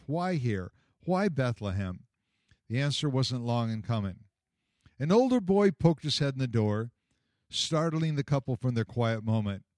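A man narrating a Christmas story in a measured, expressive storybook reading. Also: medium pitch, no room sound, clean studio sound.

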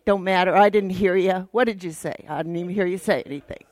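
Woman doing a low, mumbling husband, shrugging it off. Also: quick pace, a little mellow, no echo, lightly acted. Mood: offhand. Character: dismissive, forgiving husband, grown man.

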